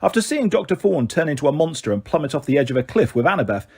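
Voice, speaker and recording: Speaking fast, a man with a slightly high, husky voice narrates a first-person audiobook dramatically. His intonation varies strongly from one line to the next.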